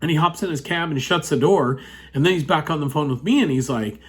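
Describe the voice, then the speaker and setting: A man recounts a personal story in a loose, rambling way, leaning on "you know" again and again. His voice sits a touch higher than most men's, and he talks from his computer indoors. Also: fairly quick, breathy edge. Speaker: vlogger telling a personal story. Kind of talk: casual storytelling.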